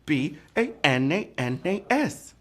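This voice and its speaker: A man's voice: fairly high pitch, big pitch swings, slow. A man hosting a live trivia game show, joking playfully and breaking into whoops and sung bits.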